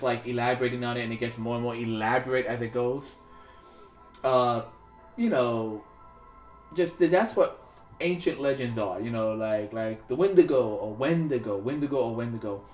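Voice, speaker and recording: A man's voice: medium pitch, darkish tone. A man hosting a sculpting livestream, chatting casually as he works, rambling with many fillers and restarts. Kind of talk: casual chat while working. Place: home studio in New York. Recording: roomy echo, faint music behind.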